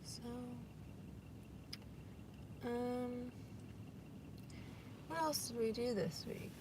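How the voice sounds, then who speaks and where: Co-host, woman with a higher voice, chatty and steering the talk, clear background noise in a car. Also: extremely slow. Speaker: podcast co-host. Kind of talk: casual chat.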